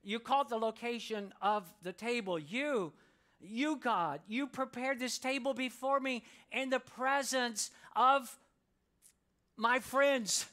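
A man preaching a sermon to a church congregation, inviting them to read scripture aloud with him and slowing down to read it. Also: very high-pitched, pushed and bright. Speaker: pastor. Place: church sanctuary.

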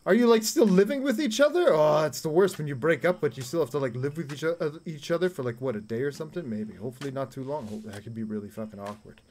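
A man's voice: mid-range voice, fast talker, few pauses, darkish tone, a little hiss or hum. A young man streaming a game, chatting crudely and jokily with his viewers. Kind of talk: casual live-stream chat while playing.

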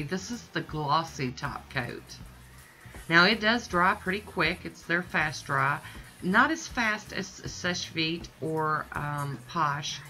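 A woman's voice: sits low, sharp tone. A woman chatting casually through a nail art tutorial, gushing and a little self-deprecating.

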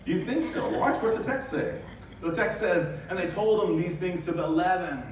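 A male pastor giving a lively sermon, acting out the scenes with sudden high bursts. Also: moderate pace, a little hiss or hum. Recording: very echoey church hall, distant mic.

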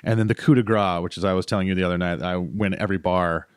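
A man's voice: low voice, steady tone, quick pace, clean tone, no echo, clean studio sound. A man in his thirties, a comedian guest on a podcast, casually telling a long story full of "uh"s and self-corrections.

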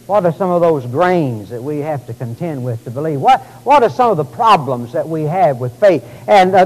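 A man preaching a sermon in a church, swinging from quiet storytelling to loud, drawn-out outbursts. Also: sits high, rough recording. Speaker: pastor. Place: church sanctuary.

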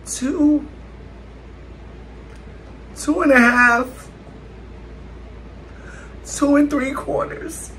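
A bright, forceful woman talks straight to her viewers in a casual mukbang. She is chatty and dramatic and keeps calling them y'all, with a faint hiss of noise behind her. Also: high voice, fairly even intonation, very slow, pauses often. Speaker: food vlogger.

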